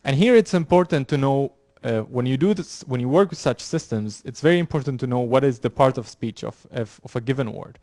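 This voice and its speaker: A male university lecturer explains concepts to a class, stumbling through fillers and repeated words as he goes. His voice sits at a middle pitch and is recorded dry, with almost no room echo. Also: darkish tone. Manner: halting, many fillers and restarts.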